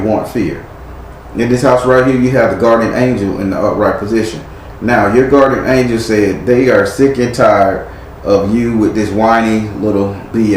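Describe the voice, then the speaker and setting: A man giving a live tarot reading, blunt and chiding with casual slang. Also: lowish voice. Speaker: tarot reader. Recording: echoey room with faint noise.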